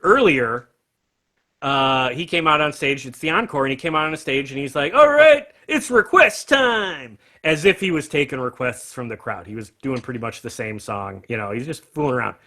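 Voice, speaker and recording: A man hosting a casual livestream chat about music, animated and laughing often as he talks. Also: mid-range voice, brisk. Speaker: host.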